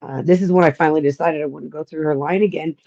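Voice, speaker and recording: A woman with a lowish voice tells an indignant story at an unhurried pace. The sound is dull and lo-fi, with no sparkle on top. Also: steady tone, vocal fry, dark tone. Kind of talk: casual chat.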